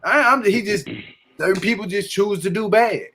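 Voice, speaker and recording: A man hosts a laid-back show chat, and his voice sits high for a man. He talks with emphasis and animation, pressing his points home. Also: moderate pace, slight background noise. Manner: animated, emphatic, leans on "to be honest". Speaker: podcast host. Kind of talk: casual chat recapping a reality show.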